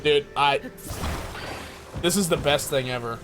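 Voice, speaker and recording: A man streaming a game live, chatting casually with his viewers, excitable and laughing often. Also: on the high side, a little slow, music in the background. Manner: excitable, laughs often, talks to chat by name. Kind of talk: casual live-stream chat while playing.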